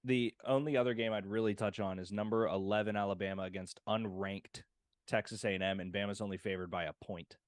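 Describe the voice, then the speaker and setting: A man's voice: on the low side, steady tone, fairly quick, dry recording. A man co-hosting a sports podcast, rattling off scores and betting picks with a dry wit. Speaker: podcast co-host. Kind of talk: casual sports chat.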